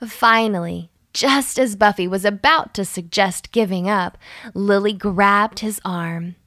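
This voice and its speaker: A woman narrating a children's bedtime story slowly and soothingly, with a slight gravelly edge. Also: no echo, clean studio sound. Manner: slow and soothing with lively pitch.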